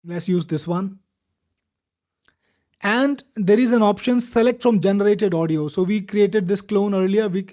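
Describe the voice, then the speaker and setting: Male webinar host, high voice, pushy upbeat demo patter, slightly muffled audio. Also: measured pace, darkish tone. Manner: upbeat, salesy, addresses viewers by name. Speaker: webinar host demoing software. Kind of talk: live product demo answering viewer questions.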